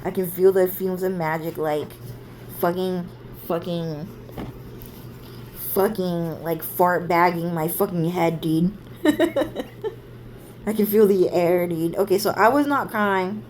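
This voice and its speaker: A woman's voice: on the low side, steady tone, slow pace, pauses often, a little mellow, slight background noise. A young woman telling a rambling family story, swearing freely and filling with "like" and "dude". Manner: rambling and profane, heavy "like" and "dude". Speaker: vlogger. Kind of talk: casual storytelling monologue.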